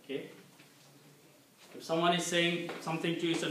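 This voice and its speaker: A man teaching a classroom Quran lesson, explaining slowly and checking in with "okay" as he repeats each point. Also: on the high side, level tone, a bit bright. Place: community center classroom. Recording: very echoey room, distant mic, faint noise.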